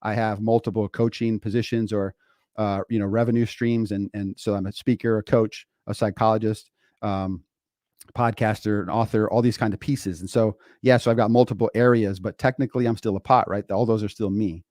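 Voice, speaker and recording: A man's voice: on the low side, steady tone, a little fast, darkish tone, no echo, clean studio sound. A middle-aged man hosting a motivational podcast, talking conversationally and preaching with rhetorical questions and fillers. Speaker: podcast host and coach.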